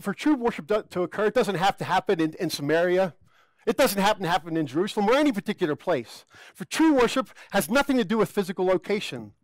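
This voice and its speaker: A man's voice: high voice, no echo. A male pastor preaching a sermon in an earnest way, often repeating words as he goes.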